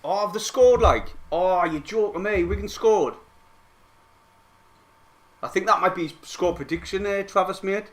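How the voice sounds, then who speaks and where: A young man, excitably commentating on a football match for his live-stream viewers and swearing freely. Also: high voice, measured pace, pauses often.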